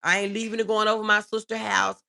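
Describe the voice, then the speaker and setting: A woman's voice: medium pitch, flat delivery, fast talker, vocal fry. A middle-aged woman, hosting a casual livestream, reading viewer comments and talking with feeling. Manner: warm, reads viewer comments aloud, emotional. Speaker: livestream host.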